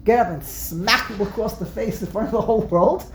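A woman's voice: mid-range voice, a little fast. Woman teaching a class in an echoey room. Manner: animated explaining, frequent word repeats, answers student interjections. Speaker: religious teacher. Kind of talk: text study class with students. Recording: roomy echo, faint background noise.

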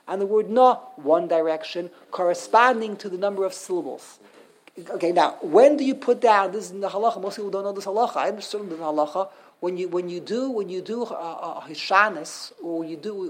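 A man teaching an informal religious class, chatty and repetitive, quizzing his listeners. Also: sits high. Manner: chatty, repeats himself, asks the class questions.

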